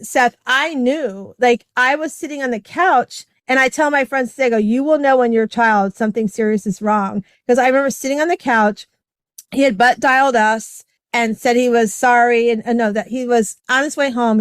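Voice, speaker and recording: A middle-aged woman hosts a podcast, telling a personal story in a chatty, conversational way full of fillers and acting out quoted voices. Her voice is fairly high and smooth, at a moderate pace, with no echo.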